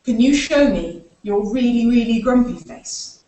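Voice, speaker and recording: A woman's voice: on the high side, lively intonation, a little slow, warm tone. A woman leading a live story time for young children, playfully asking them to join in with actions. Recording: echoey room, far from the mic.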